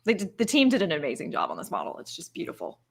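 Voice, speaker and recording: A woman's voice: fairly low pitch, huge pitch swings, rapid-fire, gravelly, husky. A woman co-hosting a casual live stream, gushing enthusiastically about what she sees. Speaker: co-host.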